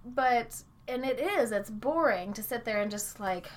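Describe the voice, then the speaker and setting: A woman's voice: a little high, lively intonation, a little slow. A woman co-hosting a library podcast in a casual, playful chat; she likes doing funny voices.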